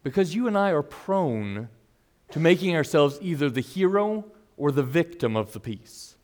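A pastor preaching verse by verse to his congregation. His voice sits a little high for a man. He talks earnestly, pushing hard on key phrases and then dropping low and quiet for the asides. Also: very animated, moderate pace. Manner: earnest preaching, swings between loud emphasis and hushed asides. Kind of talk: expository sermon.

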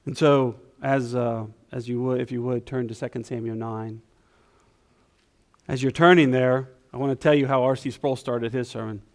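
A man preaching a sermon in a church, talking in a conversational, self-deprecating way and softening into quiet prayer. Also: medium pitch, steady tone, normal speed. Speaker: guest preacher. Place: church sanctuary.

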